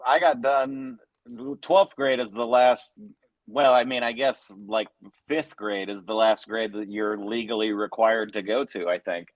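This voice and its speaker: A man's voice: lowish voice, steady tone, measured pace, no room sound. A man around forty, a guest comedian chatting casually in a laid-back, rambling way. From Missouri, US. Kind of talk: casual podcast chat.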